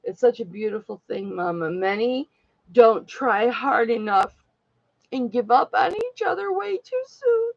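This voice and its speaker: A woman's voice: a little high, expressive, unhurried, creaky, dry recording, lo-fi sound. A woman talking candidly and at length to her live-stream viewers in a heartfelt, rambling way. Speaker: live-stream jewelry seller.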